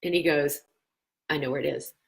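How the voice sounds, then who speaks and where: A woman in her thirties hosting a wellness show, coaching viewers earnestly and telling a personal story in an animated way. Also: deep voice, a little fast, creaky, poor audio. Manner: animated storyteller, acts out quoted voices; earnest, encouraging, answers viewer questions.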